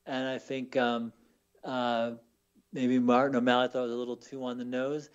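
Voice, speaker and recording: A man's voice: medium pitch, level tone, normal speed, clean tone. Man, author guest, rambling storyteller, repeats words, dull lo-fi sound. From Baltimore. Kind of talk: casual radio interview storytelling.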